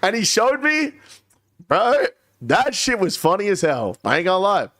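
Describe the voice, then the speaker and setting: A man's voice: high-pitched, huge pitch swings, normal speed, a bit bright, dry recording, studio quality. A young man chatting casually on a live stream, cursing freely and laughing as he tells stories. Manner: profane, laughing storyteller.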